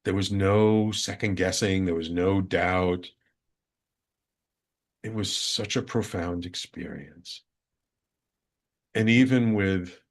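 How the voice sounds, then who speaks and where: Male radio host, lowish voice, earnest solo storytelling, repeats for emphasis. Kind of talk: personal storytelling monologue.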